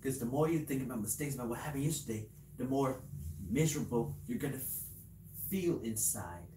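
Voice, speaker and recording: A man's voice: mid-range voice, expressive, a little fast, warm tone, echoey room, slight background noise, rough recording. A man talking to camera in a casual vlog, handing out earnest life advice in a rambling, repetitive way, with many restarts. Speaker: video creator. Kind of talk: casual motivational talk to camera.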